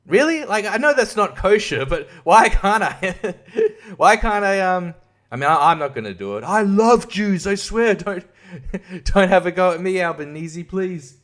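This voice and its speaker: A man's voice: high-pitched, lively intonation, unhurried, fairly bright tone. An Australian man hosting a podcast, ranting in a casual monologue that is profane and sarcastic, laughing often. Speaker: podcast host and comedian.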